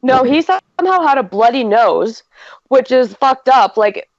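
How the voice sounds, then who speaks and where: A woman's voice: high voice, lively intonation, unhurried, dry recording. Chatty woman telling a story, filler-heavy. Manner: storytelling with many fillers and quoted dialogue. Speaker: podcast co-host. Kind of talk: casual chat. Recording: dry, dull lo-fi podcast audio.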